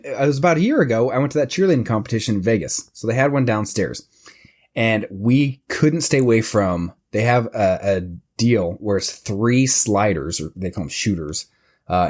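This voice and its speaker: A man co-hosting a casual comedy podcast, telling a loose, rambling story. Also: medium pitch. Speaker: podcast co-host.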